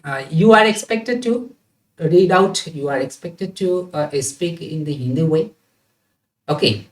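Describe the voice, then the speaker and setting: A man, a tutor giving feedback in a class, speaking haltingly with many filler pauses. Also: fairly high pitch, expressive. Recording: roomy, distant from the mic.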